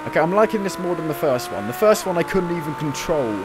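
A man's voice: on the high side, quick pace, hardly any pauses. Chatty young man over roaring race engines. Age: 20s. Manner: chatty and reactive, breaking into excited exclamations. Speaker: gamer playing a racing game demo. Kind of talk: casual gameplay commentary. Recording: loud racing game engine noise under the voice. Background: racing car engines from the game.

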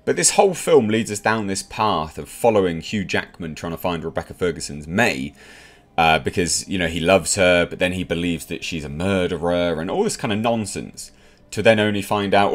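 A man's voice: mid-range voice, fairly bright tone. A man with an English accent giving a blunt, exasperated spoken film review to camera, with mocking asides. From England.

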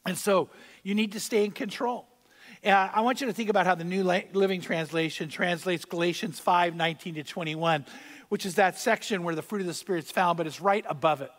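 A man preaching a sermon as pastor, speaking conversationally, repeating key phrases and swelling louder on his points. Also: high-pitched, a little fast, big-room sound. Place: church sanctuary.

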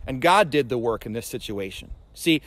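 A man's voice: mid-range voice, expressive, normal speed, a bit bright. A pastor giving a sermon, telling personal stories and pressing his listeners with questions, often repeating words as he restarts a phrase. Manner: earnest, personal preaching that builds to emphatic questions.

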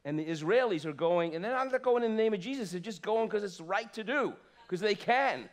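A man in his fifties preaching a sermon in a church, swinging from loud exclamations to soft asides. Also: sits high, lively intonation, brisk, few pauses. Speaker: pastor. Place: church sanctuary.

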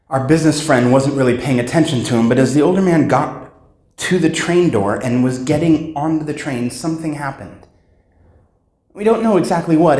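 A man giving a keynote speech at a conference, telling a story with dramatic pauses and acted-out sounds. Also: on the high side, darkish tone. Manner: dramatic storyteller, acts out sounds and voices, slows for emphasis. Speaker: keynote speaker. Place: conference hall. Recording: echoey hall sound.

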